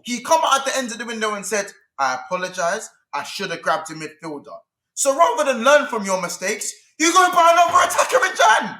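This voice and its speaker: A man's voice: very high-pitched, bright, forceful tone. Exasperated young man ranting about football. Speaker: football fan panelist. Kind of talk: heated casual football debate.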